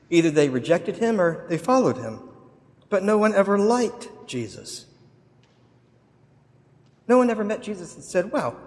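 A man's voice: on the high side, long reverb tail. A man preaching a sermon, telling a story dramatically. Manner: dramatic storytelling with acted quotes. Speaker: pastor.

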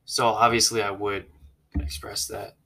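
Guy with a bright tense voice, low-ish, thinking out loud and asking stuff. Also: flat delivery, unhurried. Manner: thoughtful, questioning, many filler likes. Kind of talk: casual chat.

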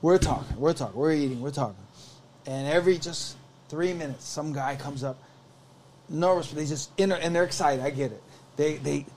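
This podcast guest has a fairly high-pitched voice at normal speed as he rambles animatedly through a long, casual story, acting out what others said. There's slight background noise.

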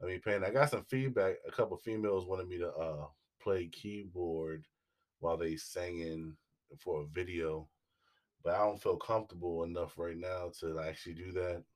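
A man co-hosting a casual podcast, loud and laughing, swearing freely. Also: low-pitched, steady tone, moderate pace. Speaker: podcast co-host. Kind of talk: casual chat.

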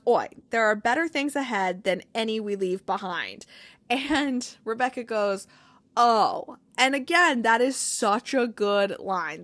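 A woman giving a casual, animated recap of a TV episode, swearing freely and acting out the characters' lines. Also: fairly high pitch, dry recording.

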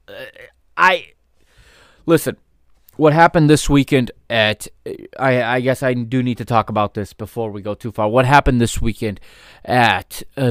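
A man's voice: mid-range voice, clean tone, no room sound. Dude going off on his podcast, heated and sweary, dry close mic. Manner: heated, ranting, swears, laughs in disbelief. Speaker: podcast host. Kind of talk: opinionated sports podcast rant.

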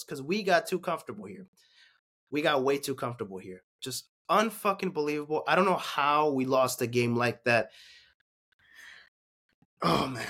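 A man's voice: fairly high pitch, big pitch swings, normal speed, pauses often, fairly bright tone, breathy edge. A young man hosting a casual sports recap, ranting with lots of swearing, heated one moment and muttering in defeat the next. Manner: ranting, profane, swings from heated to deflated mutters.

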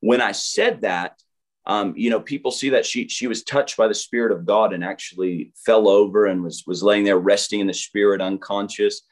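A male pastor speaks as a guest, retelling an event with animated energy and plenty of fillers and restarts. His voice sits fairly low. He acts out what people said as he goes. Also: moderate pace. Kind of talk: storytelling testimony in an interview.

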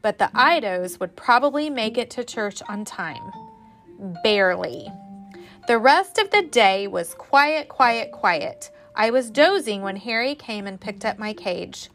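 A woman teacher reading a children's story aloud to a class, with an expressive, animated delivery. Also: fairly high pitch, a little slow, soft background music.

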